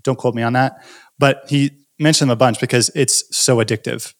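A man's voice: mid-range voice, fairly even intonation, a little fast. A man hosting a podcast conversation, asking curious questions in a casual way. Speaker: podcast host.

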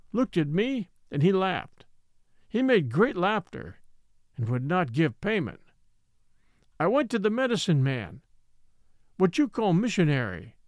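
A man's voice: high voice, dry recording, clean studio sound. A man reading a grave, patient old native elder. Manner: slow, solemn, formal old-fashioned speech.

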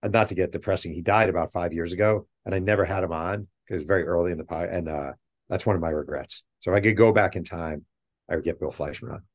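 A middle-aged man, a guest author on a podcast, chatting casually and telling animated stories with rambling asides. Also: low voice, quick pace. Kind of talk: casual interview chat.

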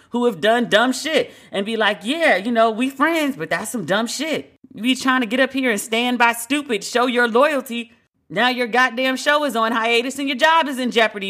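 A woman hosting a podcast, giving blunt, profane opinion commentary in an animated, candid way. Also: fairly high pitch. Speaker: podcast host.

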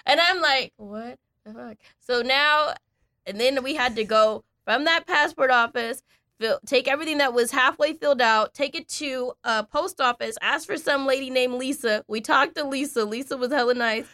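High-voiced woman telling a story on a podcast. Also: normal speed, dry recording, studio quality. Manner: animated, acts out quoted voices, swears freely. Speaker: podcast co-host. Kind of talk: casual storytelling chat.

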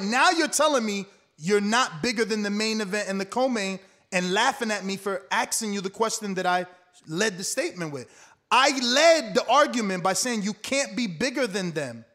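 Older male fighter, high-pitched, combative, talks over people in a heated argument. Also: expressive, normal speed. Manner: loud, combative, repeats himself, profane.

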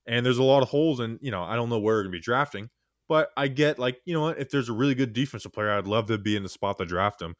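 A man's voice: mid-range voice, lively intonation, quick pace, no room sound, clean studio sound. A young man co-hosting a sports podcast, talking loosely and teasing his partner, with lots of fillers. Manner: teasing, loose, full of fillers like "you know". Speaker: podcast co-host. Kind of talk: casual sports podcast chat.

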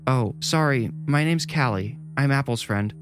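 A man's voice: medium pitch, measured pace, voice pushed up, close to an everyday voice. A man voicing a nervous, polite teenage girl babysitter who stammers and hesitates. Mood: uneasy. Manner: flustered, hesitant.

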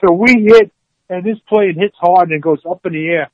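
A man tells an animated story in a fairly high voice, laughing and acting out the quotes. The sound is dry and a bit dull. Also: normal speed, no echo. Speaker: former player telling stories. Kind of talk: storytelling interview.

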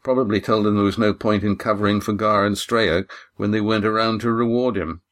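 A man reading an audiobook, voicing a weary, guarded young man who answers in low, clipped sentences. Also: steady tone, a little fast, fairly bright tone, lightly acted. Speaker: audiobook reader voicing a character.

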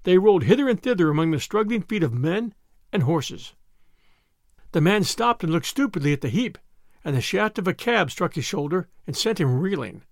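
A man reading a classic novel aloud as a dramatic, expressive audiobook narrator. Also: high-pitched, moderate pace, gravelly, dry recording, clean studio sound. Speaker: audiobook reader.

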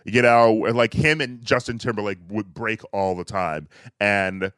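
A man hosting a casual podcast chat, talking in a chatty way with frequent laughs and lively asides. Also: lowish voice, unhurried, clean tone, no echo. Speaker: podcast host.

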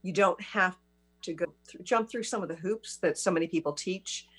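A woman's voice: fairly low pitch, moderate pace, husky, soft background music. A woman hosting an interview, chatting casually and affirming her guest often. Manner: warm listener, frequent affirmations. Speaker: host.

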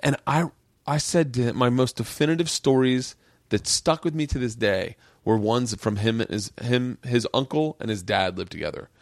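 A man in his forties hosting a casual podcast chat, telling stories with lots of swearing and quick impressions. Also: mid-range voice, creaky, dry recording, clean studio sound. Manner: animated storyteller, jumps into impressions, swears a lot. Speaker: podcast host.

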